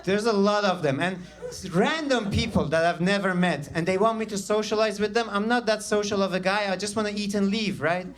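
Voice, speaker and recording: A young man from Iran with a Persian accent, doing a deadpan, self-mocking stand-up routine in a comedy club. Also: high voice, fairly quick. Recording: live comedy club with loud crowd.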